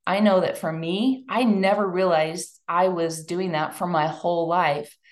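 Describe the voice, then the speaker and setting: A woman's voice: fairly low pitch, a little slow, a little hiss or hum. A woman giving a chatty, emotional talk to a live audience. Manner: chatty and emotional, lively asides. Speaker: speaker at a women's event.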